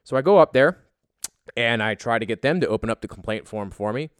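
A man's voice: medium pitch, expressive, a little fast, clean tone, no echo, studio quality. A young man telling a story as a casual, exasperated rant, swearing heavily.

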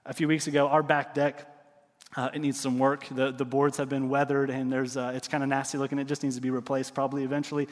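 A middle-aged man preaching a sermon, telling stories with lively swings and dropping to quiet emphasis. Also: mid-range voice, fast, big-room sound. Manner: animated storytelling, drops to quiet emphasis. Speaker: pastor.

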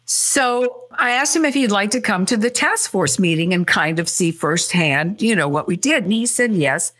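Animated older woman telling her story. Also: medium pitch. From California. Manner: animated, quick storyteller who acts out quotes. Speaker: interview guest. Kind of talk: storytelling in a casual interview.

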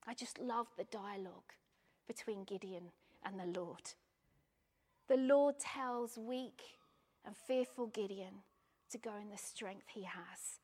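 A woman preaching a sermon in a rhythmic, repetitive cadence, dropping to hushed near-whispers and rising to loud emphasis. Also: mid-range voice, slow, husky.

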